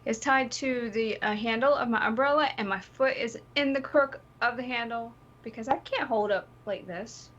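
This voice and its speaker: A woman's voice: fairly high pitch, moderate pace, hardly any pauses, a bit bright, dull audio. A woman playing a tabletop game, playful and haggling over small details. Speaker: player.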